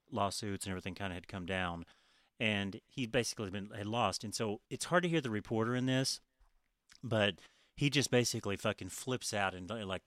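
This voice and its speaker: A man's voice: lowish voice, fairly bright tone, dry recording, clean studio sound. A man co-hosting a casual chat, mocking and profane, laughing often. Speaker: podcast co-host.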